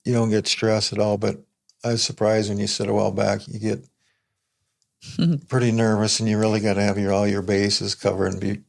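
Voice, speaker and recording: An older man, a podcast guest, talking in a plain-spoken, reflective and unhurried way in casual conversation. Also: fairly low pitch, level tone, gravelly.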